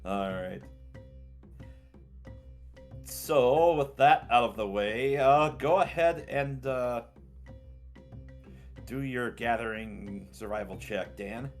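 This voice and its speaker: A man's voice: medium pitch, slow pace, long pauses, soft background music. A man running a tabletop game as game master, narrating scenes and calling for rolls. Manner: relaxed, with fillers and restarts, reads boxed text.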